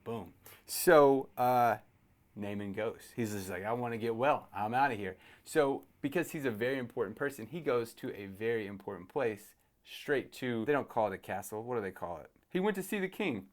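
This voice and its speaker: An animated man in his thirties retells a Bible story for young listeners. He talks casually at a mid pitch and jumps into quick voices for each character. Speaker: youth ministry host.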